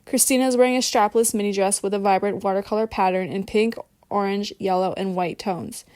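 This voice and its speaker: A woman narrating an audiobook with steady, even reading. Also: mid-range voice, brisk, clear, resonant tone, no echo.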